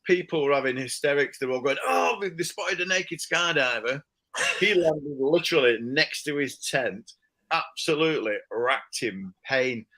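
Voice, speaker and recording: Man, casual storyteller, bright forceful voice, animated. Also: on the high side, normal speed, rough recording. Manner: animated, laughing, voices quotes loudly. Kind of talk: casual anecdote.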